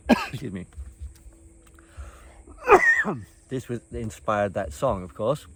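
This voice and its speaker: An older man telling stories from his past in a relaxed, meandering way, with lots of ums, uhs and restarts. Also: mid-range voice. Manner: meandering, halting, many fillers and restarts. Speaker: storyteller recounting his past. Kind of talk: casual reminiscing chat.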